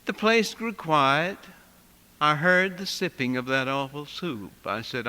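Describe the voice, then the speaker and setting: A male preacher tells a sermon story with a high, bright voice. He swings from loud bursts to near hushes, and the words ring with long reverb in a large hall. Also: lively intonation, slow. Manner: vivid storyteller with wide swings in loudness, dropping to a hush.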